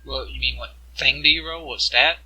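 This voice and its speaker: A man running a tabletop game as game master, narrating scenes and explaining rules in a halting way over voice chat. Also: mid-range voice, fairly even intonation, bright, forceful tone, husky, no room sound, poor audio.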